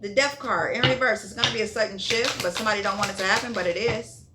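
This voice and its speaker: A woman's voice: medium pitch, fairly even intonation, fast, heavy background noise. A woman giving a casual tarot reading in a blunt, profane way, repeating herself and checking in with "okay?". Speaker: tarot reader.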